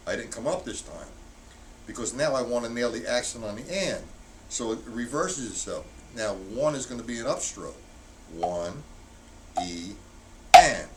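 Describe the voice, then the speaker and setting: A man teaching a drum lesson on a live stream, counting beats out loud and punching the accented ones. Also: mid-range voice. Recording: distant mic, loud background noise.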